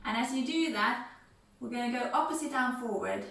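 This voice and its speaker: A woman instructor leading a gentle seated music and movement class, counting beats and chanting rhythm syllables. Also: fairly high pitch, fairly quick, gravelly, distant mic. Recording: very echoey room, voice from off-mic, faint music.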